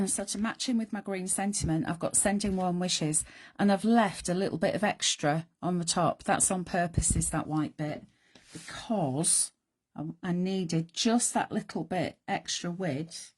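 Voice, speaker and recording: A middle-aged woman hosting a live craft demonstration, chatty and self-deprecating, thinking aloud as she works, her voice going croaky. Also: lowish voice, measured pace, darkish tone. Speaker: craft show host.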